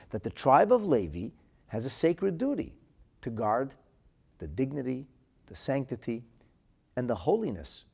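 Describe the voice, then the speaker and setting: A man's voice: mid-range voice, vocal fry, breathy edge. A man teaching a religious text, reading out quotations and explaining them with emphasis. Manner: animated, emphatic, reads Hebrew quotes then translates. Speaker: Torah teacher.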